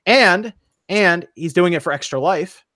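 A man's voice: high voice, animated, a little slow, bright, forceful tone, no echo, studio quality. A man hosting a casual gaming podcast stream, often stammering and repeating words. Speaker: podcast host. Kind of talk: casual chat.

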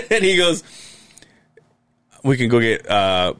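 A man's voice: mid-range voice, sing-song, takes it slowly, a bit bright, smooth, no echo. A man telling a long, rambling story in casual podcast chat, swearing and restarting often. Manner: rambling, profane, many restarts. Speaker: podcast co-host.

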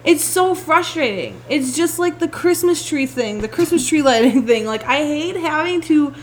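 High-voiced woman, lively podcast storyteller. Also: moderate pace, slight background noise. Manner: animated storyteller, laughs often, swears casually. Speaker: podcast host. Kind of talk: casual chat.

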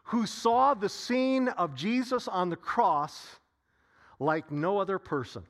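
A man preaching a sermon, repeating phrases with long dramatic pauses and sighs. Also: high voice, animated, fairly bright tone. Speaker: pastor.

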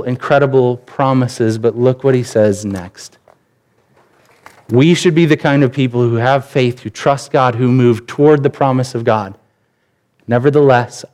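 A pastor in his thirties preaches a sermon in a mid-range voice, candid and conversational. He tells personal stories with animated shifts.

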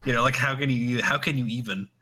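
A man's voice: medium pitch, fast, sharp tone, a little hiss or hum. A man co-hosting a casual podcast chat, rambling through stories with lots of laughter and acted-out quotes. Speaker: podcast co-host.

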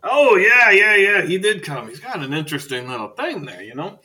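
A man playing a tiny, eccentric old librarian. He is high, piercing and loud, and he rambles crassly, full of gruff cheer. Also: big pitch swings, normal speed, full character voice. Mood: rambling.

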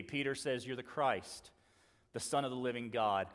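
A man preaching a sermon, earnestly acting out the dialogue he quotes and moving between loud emphasis and quiet asides. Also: mid-range voice, moderate pace, long reverb tail. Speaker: pastor.

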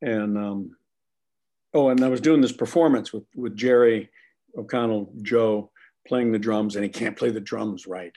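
A man being interviewed, telling animated, profane stories about his acting work with plenty of laughter. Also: lowish voice, moderate pace. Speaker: actor guest. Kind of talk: casual anecdotal storytelling.

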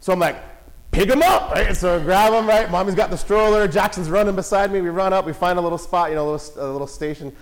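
A father telling a family story in a casual, animated way. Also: high voice, fast talker, few pauses, poor audio. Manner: animated, acts out voices and shouts in quotes.

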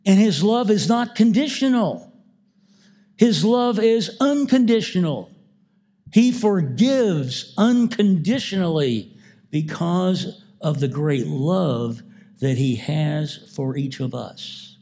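Male pastor, sermon delivery, unhurried and warm-toned. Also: high voice, expressive. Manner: slow, emphatic preaching with repeated phrases.

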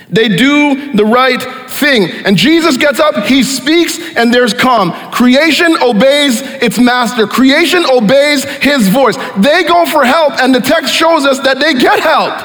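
A pastor preaching a sermon with emphatic repeated phrases, dropping quieter for scripture. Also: male voice, very high-pitched, long reverb tail.

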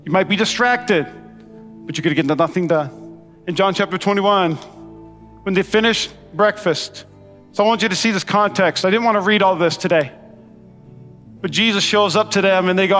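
A man preaching in a very high, bright and forceful voice, swinging between excited peaks and quieter lows as he acts out the story. His sermon rings through a large church hall with a long reverb, and faint music plays underneath. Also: normal speed. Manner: animated, acts out quotes in character voices. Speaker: pastor.

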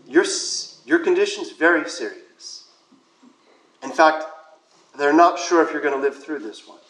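A male priest giving a sermon, telling a personal story in a conversational way, with soft whispered asides. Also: on the high side, measured pace, roomy sound, poor audio.

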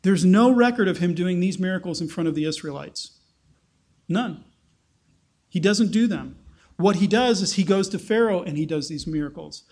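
Male preacher, higher register, conversational sermon delivery. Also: moderate pace, a little mellow. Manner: conversational, explanatory, acts out quotes. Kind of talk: sermon, Bible teaching.

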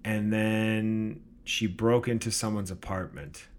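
A man's voice: fairly low pitch, takes it slowly, slight background noise. A man co-hosting a podcast, chatting casually and joking as he rambles through stories. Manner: joking, rambling, laughs at own jokes. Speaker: podcast co-host. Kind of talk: casual chat.

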